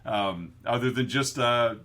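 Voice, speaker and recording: A man's voice: mid-range voice, unhurried, fairly bright tone. A man co-hosting a podcast in casual chat, laughing often and quoting movies. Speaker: podcast co-host.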